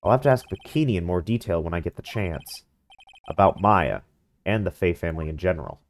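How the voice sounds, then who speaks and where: A man's voice: deep voice, lively intonation, brisk. A man voicing a wry, easily exasperated young lawyer in a game fan dub, talking in a dry, sarcastic way.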